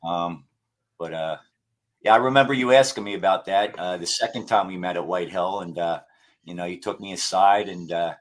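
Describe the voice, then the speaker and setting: A man's voice: sits low, moderate pace. A man talking casually as a podcast guest, rambling with many fillers and restarts. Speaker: guest paranormal investigator.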